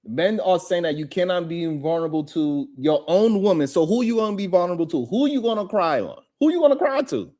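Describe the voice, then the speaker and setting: A man hosting a live talk show, ranting in animated, profane commentary and repeating himself for emphasis. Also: high-pitched, brisk, hardly any pauses. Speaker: host.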